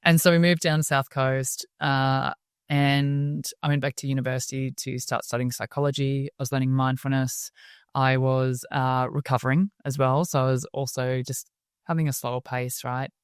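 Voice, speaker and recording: An Australian woman, a guest in an interview, telling her story in a lively way and acting out the voices of people she quotes. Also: extremely low pitch, moderate pace, clear, resonant tone, no room sound, studio quality. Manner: lively storyteller who acts out quoted voices and laughs often. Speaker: interview guest, wellbeing speaker.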